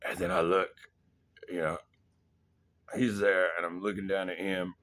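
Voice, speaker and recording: A man's voice: low voice, flat delivery, moderate pace, fairly bright tone. A young man casually telling a wild story from his army days, laughing, swearing and acting out his own panicked thoughts. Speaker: vlogger.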